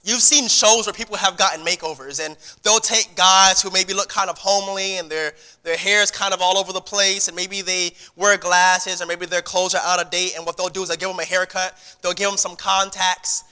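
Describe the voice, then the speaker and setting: A man's voice: high-pitched, flat delivery, fairly quick, few pauses, pushed and bright, clear, resonant tone, big-room sound. A man preaching a sermon to his congregation in a conversational style, repeating words and restarting phrases as he goes. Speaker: pastor. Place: church sanctuary.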